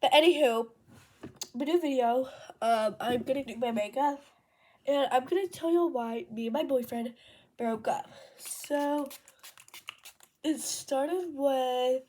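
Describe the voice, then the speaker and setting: A woman's voice: sits high, takes it slowly, long pauses, dark tone. A teenage girl telling a rambling storytime while doing her makeup, full of ums and self-corrections. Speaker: vlogger.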